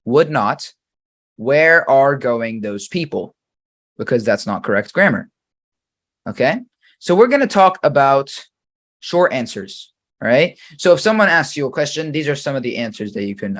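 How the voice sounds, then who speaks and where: A male English teacher walks through grammar examples in a patient, deliberate way. He reads each sample sentence slowly and then quizzes the listener on it. His voice sits at an ordinary middle pitch. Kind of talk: grammar lesson.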